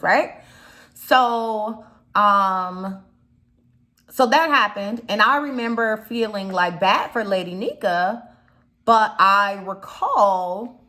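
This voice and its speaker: A woman's voice: medium pitch, bright, forceful tone. A young woman from Chicago with a slight Chicago accent, talking casually in a rambling commentary vlog, full of fillers and asides. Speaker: YouTube commentator.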